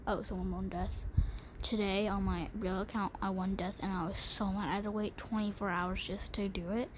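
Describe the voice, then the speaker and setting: A gaming channel host with a medium-pitched voice and flat delivery talks at normal speed, with noise in the background. In a casual game tutorial chat, she gushes over items and complains dramatically.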